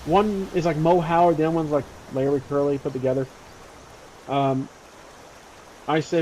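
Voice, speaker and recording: A man's voice: fairly high pitch, level tone, normal speed, pauses often, a little mellow, slight background noise, poor audio. A man narrating his solo tabletop role-playing game in a casual, rambling way with many fillers.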